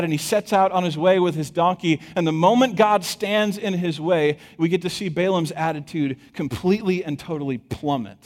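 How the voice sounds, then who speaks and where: A man preaching a sermon, retelling a scripture story with an animated, chuckling storytelling manner and addressing the congregation directly. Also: a little high. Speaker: pastor. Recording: long hall reverb.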